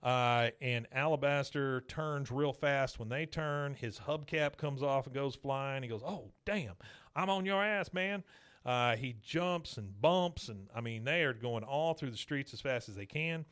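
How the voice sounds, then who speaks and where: This male podcast host speaks at a medium pitch, unhurried and smooth, with hardly any pauses. Recapping an episode in a casual way, he tells it animatedly and performs the quotes himself.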